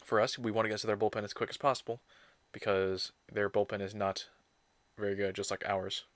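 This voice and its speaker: Brisk and lowish in pitch, with no room sound, a male livestreamer reacts animatedly to a baseball game and mutters self-scolding remarks while sorting clips.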